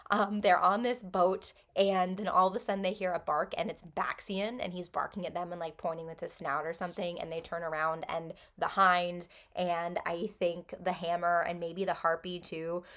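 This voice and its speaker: Woman rambling thru a book recap, lots of um and like, kinda low voice. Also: little pitch movement, normal speed, few pauses, a bit bright. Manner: chatty, many ums and likes. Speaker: book vlogger.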